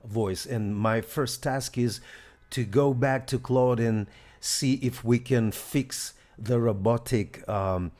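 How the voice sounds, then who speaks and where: A man hosting a casual software demo, excited and thinking aloud as he tries things out. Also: medium pitch, slow pace. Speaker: host.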